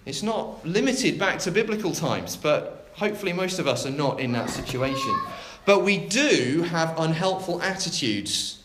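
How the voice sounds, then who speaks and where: A man, a church minister preaching a sermon with an expressive, dramatic delivery and long pauses. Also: fairly high pitch, roomy sound, background noise.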